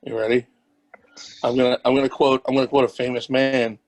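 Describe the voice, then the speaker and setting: A man's voice: medium pitch, level tone, fairly quick. A man co-hosting a casual wrestling podcast, joking and teasing the others. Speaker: podcast co-host.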